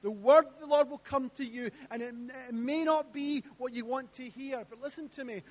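A pastor preaching in a strikingly high voice. He hammers his points by repeating them and throws questions out to the congregation. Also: normal speed. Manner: emphatic, repeats phrases, asks the congregation questions. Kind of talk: sermon. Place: church.

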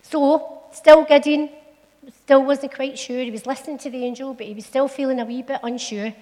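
Scottish woman, middle-aged, warm storyteller for a church talk, slightly high voice, long hall echo. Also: fairly even intonation, moderate pace. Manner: homely, chatty and playful, with local turns of phrase. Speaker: church speaker telling a Bible story. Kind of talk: storytelling sermon.

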